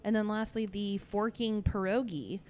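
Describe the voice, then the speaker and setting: A woman co-hosting a relaxed podcast in an ordinary middle voice. She talks her way through a list with plenty of "um" and "like", and there is a faint hiss of room noise behind her. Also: mid-range voice, normal speed. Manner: chatty, runs down lists with many fillers. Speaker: brewery podcast co-host. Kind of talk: casual chat.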